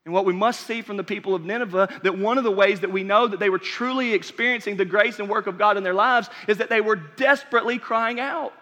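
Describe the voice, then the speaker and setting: A man preaching a sermon as pastor, passionate, swinging from near-shouts down to whispers. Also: high-pitched, fast talker, few pauses. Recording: reverberant hall.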